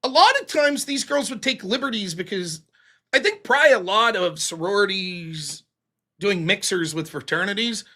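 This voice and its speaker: A man's voice: high voice, lively intonation, normal speed, bright, forceful tone. A man hosting a live stream, ranting in a heated, profane, sarcastic way and mocking others in put-on voices. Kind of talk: ranting commentary.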